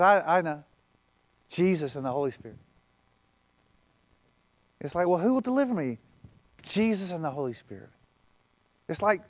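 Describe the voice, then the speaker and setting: Man, pastor, sermon, fairly high voice, swings from hushed to fervent, dry sound. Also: no echo. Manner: builds from quiet to impassioned, pleading repetition.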